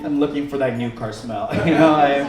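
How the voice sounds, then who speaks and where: Live on a theater stage, a man performs stand-up with a wry, rambling, self-mocking delivery. His medium-pitched voice moves fairly quickly, caught by a far mic in an echoey room with heavy background noise and crowd laughter.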